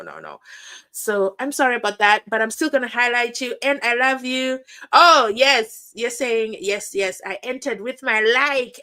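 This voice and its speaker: A young South African woman hosting a live stream. She chats and reads viewer comments in an animated way, acting out quotes and laughing often. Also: a little high.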